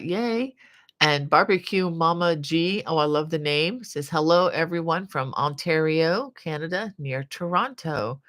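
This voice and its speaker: A woman's voice: low voice, bright, forceful tone. Chatty woman hosting a live stream. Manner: chatty, reads viewer comments aloud, many fillers. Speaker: crochet channel host. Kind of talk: casual live-stream chat.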